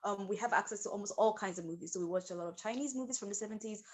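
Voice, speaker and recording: A woman's voice: mid-range voice, very fast, slight background noise. A woman interviewing a guest in casual talk over a video call, with many fillers and restarts. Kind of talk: casual conversation.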